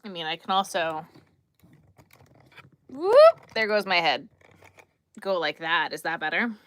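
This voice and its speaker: A woman's voice: fairly low pitch, a little slow, bright, forceful tone. A woman hosting a casual crochet livestream, chatting easily with viewers and sounding a little tired. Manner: chatty, easygoing, responds to viewers while crocheting. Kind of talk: casual livestream chat, reading chat comments.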